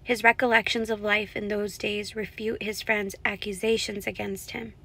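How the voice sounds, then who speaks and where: A woman's voice: medium pitch, level tone, normal speed, gravelly, pushed and bright, slightly rough. A woman vlogger reading scripture aloud to her camera and reflecting on it in an earnest, heartfelt way. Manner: earnest, heartfelt, openly emotional. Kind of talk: scripture reading with personal commentary. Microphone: self-recorded on camera.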